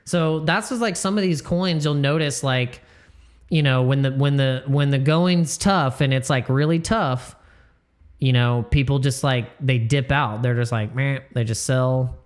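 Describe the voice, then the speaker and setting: A man's voice: mid-range voice, a little slow. A man hosting a casual crypto live stream, talking in a rambling, slangy way that repeats words and jokes with the chat.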